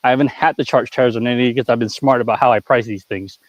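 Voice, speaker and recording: A man's voice: mid-range voice, fairly even intonation, racing, no room sound, dull audio. A man who runs a figure store, talking in a blunt, profane, ranting way in a casual live-stream chat.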